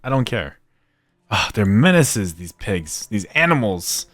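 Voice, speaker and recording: Young man with lively, bouncing gameplay chatter. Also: lowish voice, unhurried. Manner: chatty, talks to himself, bursts into loud excited shouts; drops to near-whispered mutters while working. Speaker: gaming YouTuber. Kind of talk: casual gameplay commentary.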